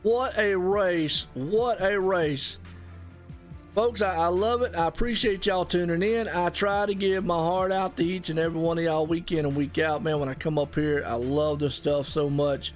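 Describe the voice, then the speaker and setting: A man doing live play-by-play commentary on a sim race, folksy and excitable, dropping y'all and ain't as he talks. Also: on the high side, normal speed, soft background music.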